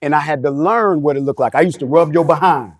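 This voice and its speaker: A middle-aged man telling a candid personal story in casual podcast talk, animated and street-casual. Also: a little high, fast, no room sound, clean studio sound. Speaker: podcast panelist.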